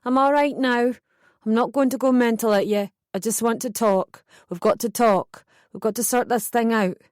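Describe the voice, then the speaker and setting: A woman plays an enraged middle-aged mother in an audiobook, shrieking at the top of a high voice. She is volatile and loud, and her threats come out raw. The sound is close and dry. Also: fairly even intonation, normal speed, dry recording, natural voice. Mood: placating.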